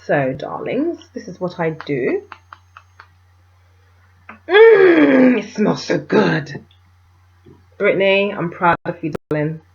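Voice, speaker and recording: A woman chatting to camera as a beauty vlogger, telling stories in an animated way and calling viewers darlings. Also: fairly low pitch, unhurried. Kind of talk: casual chat to camera. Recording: dull, muffled home video sound.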